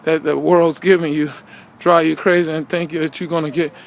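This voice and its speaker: A man with a notably high voice preaches in an easygoing, rambling way, as if straight to camera. He circles back on his points, fires off rhetorical questions and keeps checking in with "you know what I'm saying.". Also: little pitch movement, normal speed, vocal fry. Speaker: vlogger preaching to viewers. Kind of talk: casual preaching monologue.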